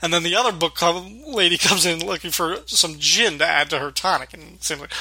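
A man's voice: a little high, brisk, few pauses, bright, forceful tone, slightly rough, dry recording, rough recording. A man co-hosting a podcast, casually retelling sitcom scenes with frequent laughter and acted-out quotes. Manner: laughs often while retelling scenes, acts out quoted lines. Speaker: podcast co-host. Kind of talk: casual podcast chat recapping a sitcom episode.

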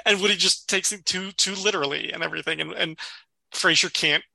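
Podcast co-host, male, bright and close-miked, lively storyteller who acts out quotes. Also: sits high, brisk, creaky, dry recording. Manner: animated retelling, acts out quoted dialogue, laughs often. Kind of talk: casual chat recapping a sitcom episode.

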